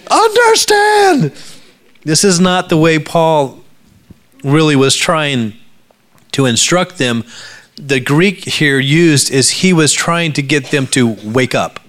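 A middle-aged male pastor preaching a sermon to his church, jokey and animated, jumping between loud outbursts and hushed asides. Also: fairly high pitch, slow pace. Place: church sanctuary before a congregation.

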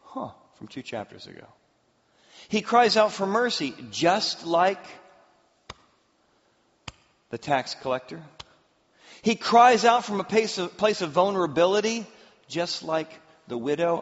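A male pastor preaching a sermon, telling a story with acted-out quotes and an animated delivery. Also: high voice, unhurried, long pauses. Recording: echoey hall, slightly dull.

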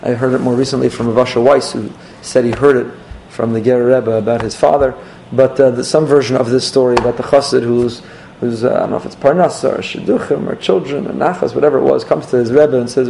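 A man, a rabbi, giving an earnest sermon and telling a story with slow, emphatic phrasing. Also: medium pitch, steady tone, gravelly, dark tone, slight background noise.

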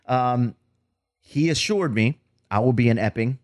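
A man with an ordinary mid-range voice co-hosts a laid-back podcast. He jumps in with fast, eager reactions and swears often. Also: medium pitch. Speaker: podcast co-host. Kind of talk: casual chat.

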